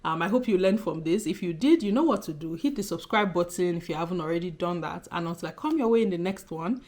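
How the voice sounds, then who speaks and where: A woman's voice: on the low side, expressive, fast, darkish tone. Emphatic young Nigerian woman vlogging. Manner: exasperated, emphatic, repeats rhetorical questions. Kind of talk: direct-to-camera vlog talk.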